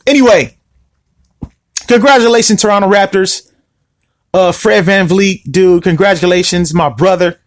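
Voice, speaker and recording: A man's voice: sits high, moderate pace, long pauses, dry recording, clean studio sound. A man hosting a casual solo podcast, rambling, repeating himself and often asking "you see what I mean?". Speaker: podcast host.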